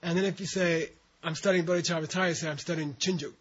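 A man lecturing a classroom, leading his students through a reading one syllable at a time and stopping to explain what the words mean. His voice sits a little high for a man. The recording is muffled and lo-fi. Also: steady tone, fast, breathy edge. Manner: patient, breaks words into syllables for students to repeat. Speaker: teacher. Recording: dull lo-fi recording.

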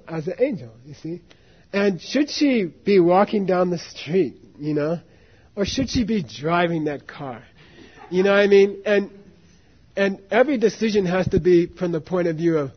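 A man's voice: high voice, husky, muffled recording. A man teaching students, telling a long story in a rambling way and asking "you see what I mean" again and again. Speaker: dharma teacher.

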